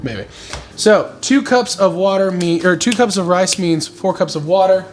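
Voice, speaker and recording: A man's voice: high-pitched, animated, normal speed, a little hiss or hum. Joking, profane young man cooking at home. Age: 20s. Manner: joking, profane, self-mocking. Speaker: cooking vlog host. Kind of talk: casual cooking tutorial. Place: home kitchen.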